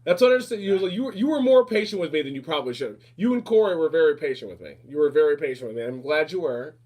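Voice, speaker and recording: Flamboyant male host, rapid casual chat, slightly high voice. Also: expressive, darkish tone. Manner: fast, flamboyant, repeats phrases, calls people darling.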